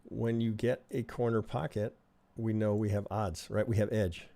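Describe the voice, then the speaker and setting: A man's voice: fairly low pitch, level tone, moderate pace, vocal fry, mellow. A man teaching trading on a live stream, reviewing charts in a chatty way and often asking "right?". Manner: conversational, keeps asking "right?", thinks aloud. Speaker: trading instructor.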